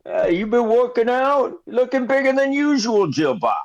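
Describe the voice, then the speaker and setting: A brash, back-slapping shopkeeper with a thick, exaggerated Boston accent, as a man puts him on. His voice rides high above a normal speaking pitch and swings up and down in a pushy, streetwise patter. The lo-fi audio sounds a little dull. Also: sing-song, normal speed, exaggerated voice. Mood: chummy. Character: brash, chummy male shopkeeper who pitches himself hard.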